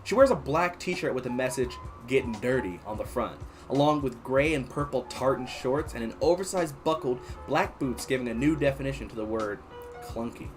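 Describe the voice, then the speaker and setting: A man reading an interactive story aloud on a casual stream, with a very lively, swooping pitch. He narrates and chats with viewers in an animated way while faint music plays behind him. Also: normal speed. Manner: animated, chatty. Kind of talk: casual livestream read-aloud.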